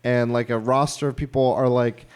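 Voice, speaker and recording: Man, podcast co-host, casual chat, rambling retellings, mid pitch. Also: steady tone, normal speed, darkish tone, clear, resonant tone. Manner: rambling, retells scenes with quoted voices.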